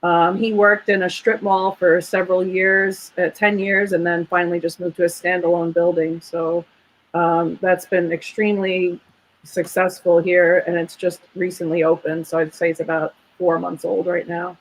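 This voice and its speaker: A woman with a fairly low pitch speaks at a moderate pace, her pitch barely moving, over poor audio. She's a guest in a casual interview, a vet who runs her own clinic. Chatty and sincere, she talks about her family with pride.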